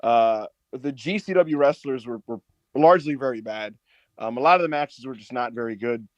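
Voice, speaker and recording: A man co-hosting a casual wrestling podcast, telling a long story with lots of swearing and high mock voices for the people in it. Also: moderate pace, no echo, muffled recording. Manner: animated storyteller, swears a lot, acts out others in high put-on voices. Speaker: podcast co-host.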